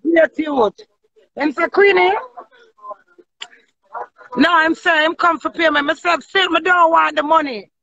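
A woman's voice: extremely high pitch, steady tone, a little slow, vocal fry, long pauses, pushed and bright. A woman with a Jamaican accent chatting casually on a live stream, blunt, brash and boastful, talking in patois. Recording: dull lo-fi sound.

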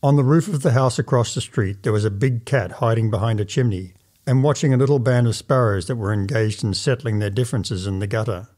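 A man narrating an old first-person story as a measured, formal audiobook reading. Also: mid-range voice, a little mellow.

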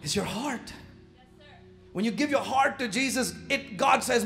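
High-voiced preaching man, shouting and joking. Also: unhurried, gravelly, faint music behind. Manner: animated preaching, shouting and dropping to asides; casual slang, laughs at own jokes. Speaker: pastor. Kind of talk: sermon. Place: church, live service.

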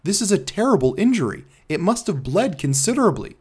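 A man reading the part of a calm, kindly Victorian doctor with a firm, brisk bedside manner in an audiobook. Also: sits high, husky, pitched above the performer's own voice, exaggerated voice. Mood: urgent.

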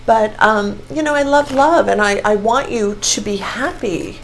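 A woman in her sixties giving a casual tarot reading to camera, excitable and gushing as she exclaims over each card. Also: a little high, unhurried, slight background noise, poor audio. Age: 60s. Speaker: tarot reader.

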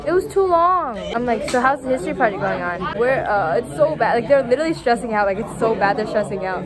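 High-pitched teen girl telling stories, lots of giggles, crowd chatter behind. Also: animated, quick pace. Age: teens. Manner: giggly, storytelling with quoted voices. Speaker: vlogger. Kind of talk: casual chat.

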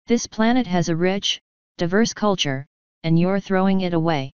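A woman's voice: fairly low pitch, lively intonation, normal speed, clean tone, no room sound, dull audio, lightly acted. A woman reading an earnest unicorn princess.

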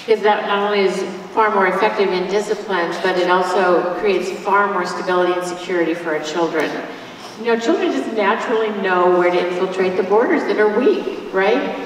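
A woman's voice: medium pitch, fairly quick, slight background noise. A woman and mother speaking at a church conference, giving parenting advice through family stories with light humor. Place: church hall. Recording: echoey hall from far off.

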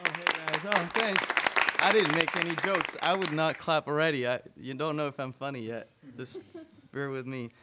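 On a small club stage, a young stand-up comedian from France, lightly accented, rambles and pokes fun at himself, often using fillers and starting over. His fairly high voice stays steady at a moderate pace. A noisy crowd creates heavy background noise.

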